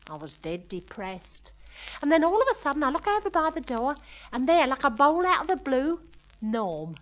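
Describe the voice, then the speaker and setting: A woman's voice: sits high, sing-song, moderate pace, pitched above the performer's own voice, low-quality recording. A woman playing a chatty young working-class woman who tells a comic story in broken, slangy grammar. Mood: gossipy. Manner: ungrammatical cockney-style chatter, "we done", "I says". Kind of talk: comic monologue.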